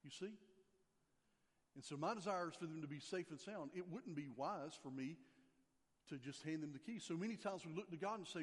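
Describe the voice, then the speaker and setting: An older man preaching a sermon, emphatic, repeating key phrases and dropping his voice low for scripture. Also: a little fast, husky. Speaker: pastor. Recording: long hall reverb.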